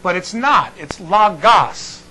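Man teaching Bible to a small class, rambling with restarts, slightly high voice, faint noise behind. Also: moderate pace, a bit bright, low-quality recording. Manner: digressive, restarts often, checks in with the class.

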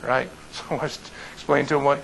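A male pastor telling a story to his congregation in an animated way, often restarting and repeating words. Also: mid-range voice, fairly quick, creaky, slight background noise, poor audio.

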